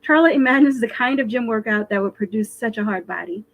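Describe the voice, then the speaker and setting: A woman author reading her own fiction aloud in an expressive, animated storytelling voice for a virtual live stream. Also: a little high, quick pace, dull audio.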